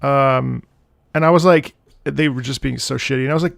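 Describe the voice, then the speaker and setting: Gravelly-voiced male streamer swearing and rambling. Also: medium pitch, fairly even intonation, dry recording, studio quality. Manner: swears freely, laughs loudly, rambles in quick asides. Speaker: streamer reacting to music. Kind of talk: casual stream chat.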